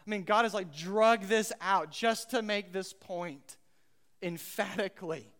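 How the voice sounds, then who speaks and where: A man preaching a sermon as pastor, emphatic and repeating his key phrases, swinging between loud and hushed, and putting questions to the congregation. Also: sits high, measured pace, in a large hall.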